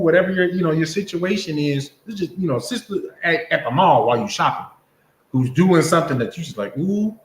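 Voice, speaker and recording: A man's voice: fairly high pitch, a little hiss or hum. A man teaching a Bible class in a casual preaching style, often checking in with his listeners by asking if they understand. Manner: conversational preaching, keeps asking "you understand?". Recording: roomy echo.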